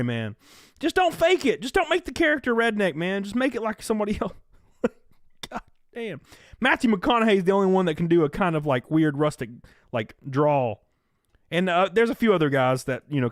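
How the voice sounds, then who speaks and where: A young man with a Southern US accent talks loosely and profanely on a live stream, reacting to chat and donations. His pitch leaps around with animated energy. The sound is dry and close to the mic. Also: no echo. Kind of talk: casual live-stream commentary.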